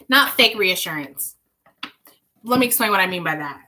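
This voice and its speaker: A woman's voice: medium pitch, expressive, normal speed, sharp tone, slight background noise. A young woman giving tarot readings on a live stream, chatty and rambling, talking straight to her viewers. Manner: chatty, rambling, reassuring, sings bits of songs. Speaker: tarot reader.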